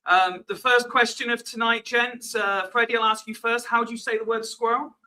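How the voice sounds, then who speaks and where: Bright-voiced West Country man hosting. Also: extremely high pitch, little pitch movement, normal speed, rough recording. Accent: West Country English. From Swindon, England. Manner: chatty, swears freely, stumbles on repeated words. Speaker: podcast host. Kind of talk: casual live-stream chat.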